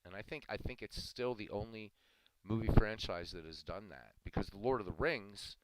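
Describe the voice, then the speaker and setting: Deep-voiced man chatting over heavy noise. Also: moderate pace. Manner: rambling, chuckling, repeats himself. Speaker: stream host. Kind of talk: casual chat. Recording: loud background noise.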